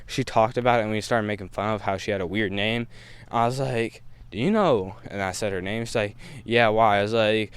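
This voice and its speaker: A man's voice: lowish voice, brisk, a little hiss or hum. A young man vlogging a casual storytime, slangy and laid-back, laughing between lines.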